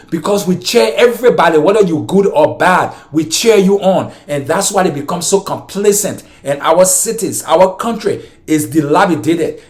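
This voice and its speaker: A Liberian man with a Liberian accent, delivering an impassioned political commentary monologue to his viewers, ranting and often repeating himself. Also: on the high side. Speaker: vlogger.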